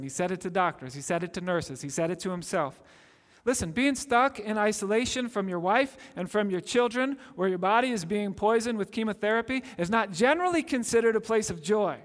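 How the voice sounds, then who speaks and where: A man preaching a sermon as pastor, earnest, drawing out key phrases slowly for emphasis. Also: sits high. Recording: long hall reverb.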